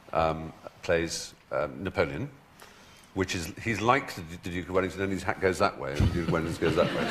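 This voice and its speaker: A man's voice: sits low, a bit bright, slight background noise. A man as a talk show guest, telling stories in a wry, theatrical way with frequent laughter. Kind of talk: anecdotal chat.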